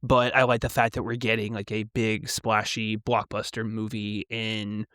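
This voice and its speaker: Smooth-voiced male podcast co-host. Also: fairly low pitch, level tone, a bit bright, dry recording, clean studio sound. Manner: measured, articulate opinions. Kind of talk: casual chat.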